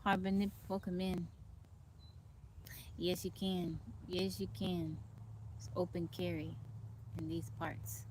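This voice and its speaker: Out in the woods with her phone, a livestream host from Texas reads viewer comments and greets and thanks each person calmly. She talks slowly in a lowish voice, leaving long pauses. Birds and insects can be heard faintly in the background.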